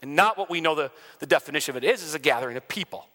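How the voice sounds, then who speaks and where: A man, a pastor, telling stories in an animated way during a conversation, with his voice rising and dropping as he goes. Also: fairly high pitch, rapid-fire, in a large hall. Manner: animated storyteller, swings loud and soft. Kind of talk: storytelling in a conversation.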